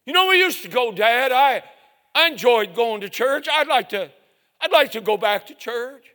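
A man voicing a young boy who earnestly begs his father, in a high pleading voice. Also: animated, normal speed, bright, forceful tone, full character voice. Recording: reverberant hall.

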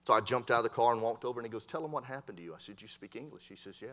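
A man preaching a sermon as a Baptist preacher, telling stories with lively voiced dialogue. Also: mid-range voice, very fast. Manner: storytelling preacher, animated voices in quoted dialogue. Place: church hall. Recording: long hall reverb from a church sanctuary.

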